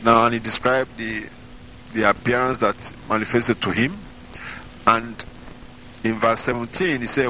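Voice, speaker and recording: A man's voice: medium pitch, measured pace, long pauses, pushed and bright, slight background noise, low-quality recording. Emphatic male evangelist reading scripture. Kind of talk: Bible-reading sermon.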